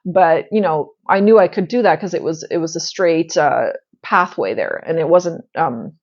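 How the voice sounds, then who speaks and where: A woman's voice: sits low, normal speed, darkish tone. Earnest rambling woman, slightly muffled. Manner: earnest, rambling with many fillers and restarts. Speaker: spiritual channel host. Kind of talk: casual storytelling monologue.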